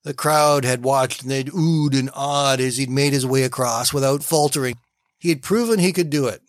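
A man speaks to listeners to open their day, telling a story with easy, storytelling warmth and moving into scripture readings. His voice sits at a middling pitch and sounds close and dry, with no room around it. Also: normal speed, no room sound. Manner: warm storytelling, reads scripture aloud with gentle emphasis. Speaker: devotional radio host. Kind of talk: short morning devotional talk.

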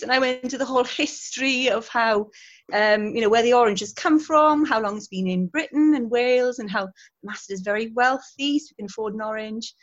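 A chatty woman tells her stories with a lively, laughing manner. Her voice sits at an ordinary middle pitch. The recording is dull and lo-fi. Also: quick pace. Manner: chatty, laughs often, animated storytelling. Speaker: guest, historical interpreter. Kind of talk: casual interview chat.

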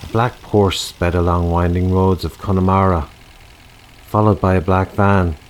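A man narrating a dark comic story in a wry, measured storybook style. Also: low voice, steady tone.

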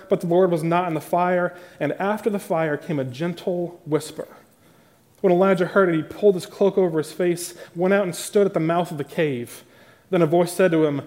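A man's voice: on the high side, darkish tone. A male pastor preaching a morning sermon, reading scripture and then driving his point home with emphatic, building intensity.

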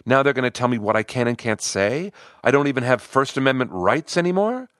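A man's voice: on the low side, lively intonation, moderate pace, no room sound, clean studio sound, natural voice. A man voicing a hostile, sneering male employee who talks back combatively.

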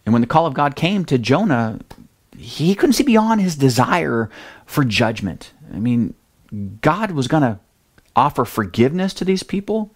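Lively, conversational male preacher. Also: a little high, normal speed. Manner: lively, conversational, acts out scenes. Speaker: pastor. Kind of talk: sermon.

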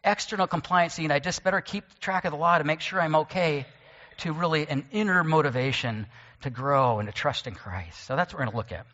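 A male pastor with a bright, tense voice, pitched a little high, preaching to his congregation. He moves between explanation and light self-deprecating asides. The sound is dull and carries a long church reverb. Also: a little fast. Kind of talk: sermon. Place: church sanctuary.

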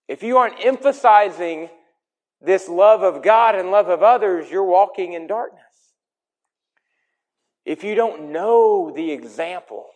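A man preaching a sermon in an emphatic way, his voice swinging between loud and soft. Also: high-pitched.

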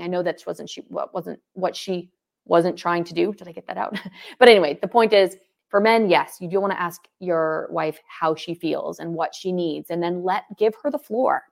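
A marriage coach co-hosting a podcast talks casually in a lowish voice at normal speed, with some vocal fry. She's animated, acting out example phrases as she goes.

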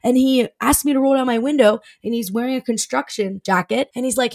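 A young woman hosting a podcast, telling a story in a chatty, animated way, recovering from covid. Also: on the high side, quick pace, gravelly, hardly any pauses. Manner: chatty, animated, swears casually. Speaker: podcast host. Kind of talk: casual storytelling monologue.

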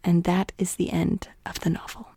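A woman's voice: on the low side, flat delivery, moderate pace, creaky, mellow, a little hiss or hum. A young woman casually retelling a novel's plot, playfully acting out the characters' lines and laughing often. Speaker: guest summarizing a novel.

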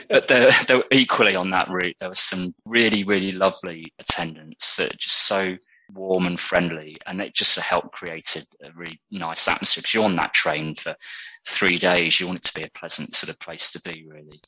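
British male guest, deep husky voice, dry close sound, chatty and reflective. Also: fairly even intonation, moderate pace, sharp tone, no room sound, rough recording. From Britain. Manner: thoughtful, with frequent restarts. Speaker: interview guest. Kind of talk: casual conversational interview.

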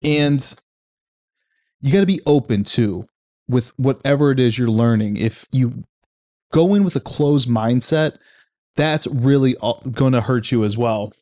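A man talks through a book he loves in a loose, reflective way. His voice sits at an ordinary pitch, and he often restarts his sentences mid-thought. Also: animated, a little slow, warm tone. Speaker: book reviewer. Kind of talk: casual book commentary.

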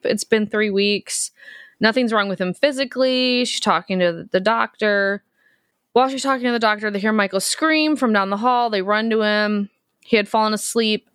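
A woman in her thirties co-hosting a podcast, recapping a horror film in a lively, profane, joking way. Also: mid-range voice, smooth, dry recording, clean studio sound. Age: 30s. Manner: profane, animated storytelling. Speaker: podcast co-host.

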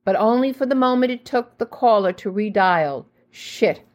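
A woman's voice: on the high side, darkish tone. Woman reading a reflective memoir. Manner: reflective, measured storytelling. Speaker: memoir narrator. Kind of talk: first-person memoir reading.

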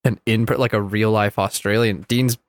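A young man co-hosting a podcast in casual, jokey chat, quick to laugh. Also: on the low side, steady tone, a little hiss or hum. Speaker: podcast co-host.

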